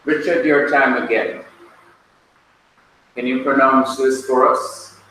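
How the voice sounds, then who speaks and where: A man's voice: mid-range voice, little pitch movement, takes it slowly, pushed and bright. A male teacher leading a classroom lesson, calling on students by name and patiently drilling their pronunciation. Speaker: Hebrew teacher. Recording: echoey classroom from far off, faint noise.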